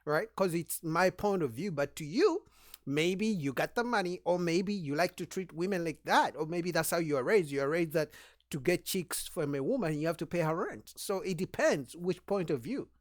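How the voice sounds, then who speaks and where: A man's voice: fairly high pitch, normal speed, dry recording, studio quality. A man on a debate panel giving his view in a casual way, explaining it through everyday examples. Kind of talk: heated group debate.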